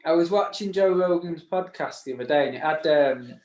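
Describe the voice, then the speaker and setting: A man's voice: a little high, brisk, a little mellow. A man co-hosting a casual podcast chat, rambling through stories with frequent laughs and restarts. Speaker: podcast co-host. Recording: echoey room.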